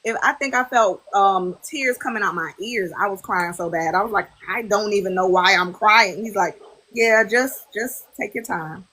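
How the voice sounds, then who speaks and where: Female podcast host, animated storyteller. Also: medium pitch, moderate pace. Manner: animated storytelling, acts out quotes. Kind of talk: casual chat. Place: livestream on a social app.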